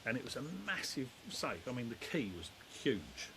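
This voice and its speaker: A man's voice: medium pitch, very animated, normal speed, background noise. A middle-aged man, a demolition company head, telling stories in a rambling, down-to-earth way. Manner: rambling, down-to-earth, lots of fillers. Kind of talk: casual storytelling chat.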